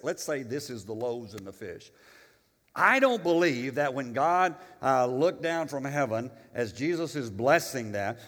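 A male pastor preaching a sermon, animated and emphatic, with humorous asides and storytelling. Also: medium pitch, long reverb tail.

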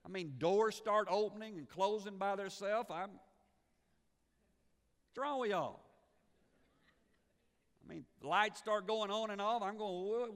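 Animated preacher in a reverberant hall. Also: male voice, sits high, slow pace, pauses often. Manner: animated, repeats words as he builds a point. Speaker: pastor. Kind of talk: sermon.

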